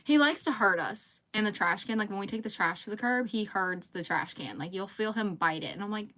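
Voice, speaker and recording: A woman's voice: mid-range voice, a little fast, few pauses, a bit bright. A woman, chatting casually on a livestream at home while she crochets. She rambles, reads out viewer comments and talks to her dog. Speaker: livestream host.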